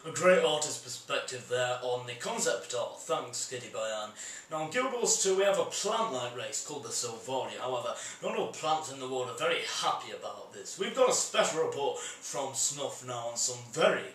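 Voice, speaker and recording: A man's voice: medium pitch, expressive, moderate pace, a bit bright. Brit guy hosting a gaming show, joking at himself, roomy and far off, faint hiss. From Britain. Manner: light, self-mocking. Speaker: host. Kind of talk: scripted show presenting. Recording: echoey room, distant mic.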